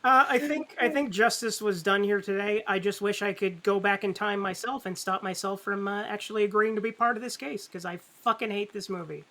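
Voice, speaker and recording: A man's voice: high voice, fairly even intonation, a little fast, hardly any pauses. A man on a comedy podcast who jokes sarcastically and exclaims often. His line carries plainly audible background noise. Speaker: podcast co-host, prosecutor in a mock trial. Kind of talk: casual comedy podcast chat.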